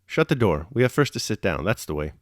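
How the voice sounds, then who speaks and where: A man's voice: on the low side, sing-song, fast talker, dry recording, studio quality. A man reading as a brash young nobleman. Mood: commanding. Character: reckless young male nobleman eloping.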